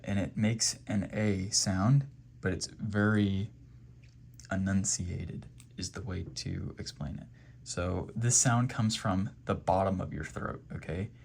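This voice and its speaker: A man's voice: low voice, fairly even intonation, slow, vocal fry, darkish tone, slight background noise. A man teaching Quran reading step by step, patiently repeating letter sounds and checking in with "okay?". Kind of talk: step-by-step pronunciation lesson.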